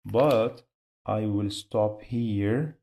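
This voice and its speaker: A man teaching a spelling lesson, slowly repeating each sound syllable by syllable. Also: lowish voice, vocal fry, warm tone. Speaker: Arabic teacher.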